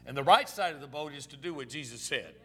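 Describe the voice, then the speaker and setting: A man's voice: mid-range voice, expressive, fast, heavy background noise. A male pastor preaching a sermon in a folksy, repetitive storytelling way, dropping in "amen"s.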